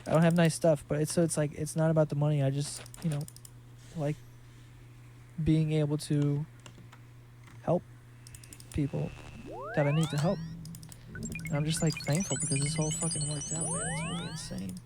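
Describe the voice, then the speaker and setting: A man's voice: fairly high pitch, level tone, moderate pace, long pauses, warm tone, slight background noise. A man in his twenties hosting a solo podcast, talking in a loose, rambling, profane way with lots of fillers. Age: 20s. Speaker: podcast host.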